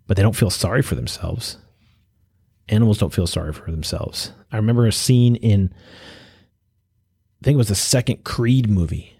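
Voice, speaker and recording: A man hosting a podcast, giving an earnest motivational talk that urges listeners on, with restarts and pauses. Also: fairly low pitch, creaky, dark tone, husky, dry recording, clean studio sound. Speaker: podcast host. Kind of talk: motivational monologue.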